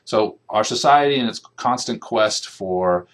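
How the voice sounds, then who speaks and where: Deep-voiced man giving a casual lecture. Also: a little slow. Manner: conversational, checks in with "okay" and "right". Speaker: nutrition lecturer. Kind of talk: classroom lecture.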